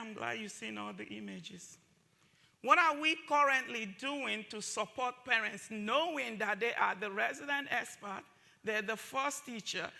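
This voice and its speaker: Forceful woman, high gravelly voice. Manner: emphatic, repeats phrases for force. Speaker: summit speaker. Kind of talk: impassioned public talk.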